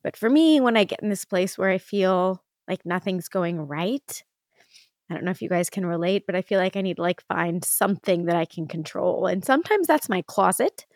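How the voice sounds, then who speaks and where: A woman's voice: on the low side, lively intonation, normal speed, dry recording. Woman in her thirties, solo podcast host, emotional and rambling, casual swearing, dry close sound. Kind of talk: candid solo podcast talk.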